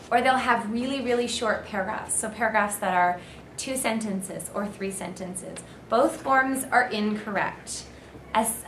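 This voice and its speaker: A woman university English lecturer giving a clear, emphatic seminar talk on essay writing. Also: on the high side, sharp tone. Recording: echoey room, faint noise.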